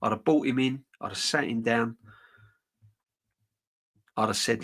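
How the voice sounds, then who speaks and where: Man, middle-aged, live-stream host, rambling and frank with restarts, mid pitch. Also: unhurried, a bit bright. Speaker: football channel host reading live chat. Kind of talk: casual live-stream chat.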